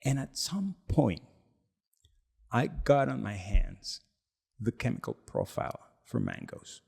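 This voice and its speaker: Man, podcast host, casual storytelling, lively intonation, gravelly voice. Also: mid-range voice, takes it slowly. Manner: animated, laughing, acts out quotes. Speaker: podcast co-host and product founder.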